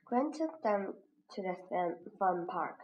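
A woman slowly reading a children's reader aloud as a lesson, pronouncing each word with care. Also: on the low side, expressive, darkish tone. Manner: slow, careful, clearly pronounced. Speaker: reading teacher. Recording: dull lo-fi recording with faint hiss.

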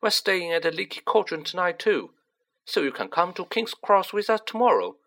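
Man voicing a chatty teen boy wizard, high-pitched, lively, bright. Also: exaggerated voice. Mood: joking. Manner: animated, joking, rushed.

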